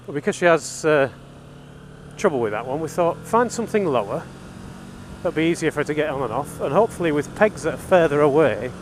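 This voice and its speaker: Bloke vlogging from his motorbike, rambly and self-mocking, slightly high voice, bit of hiss behind. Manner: self-deprecating and rambling, laughs often. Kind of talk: casual chat while riding. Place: outdoors on a motorbike.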